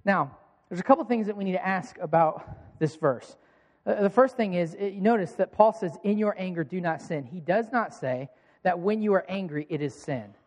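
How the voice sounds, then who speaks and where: High-voiced young male pastor, reverberant hall. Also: lively intonation, moderate pace, darkish tone. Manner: conversational storytelling with frequent word repeats. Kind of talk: sermon.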